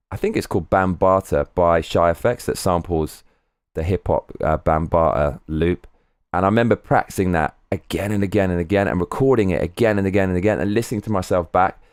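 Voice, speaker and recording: A man's voice: low-pitched, clear, resonant tone, no room sound, studio quality. A man chatting on a live stream, candid and rambling, swearing freely. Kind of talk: casual live-stream chat.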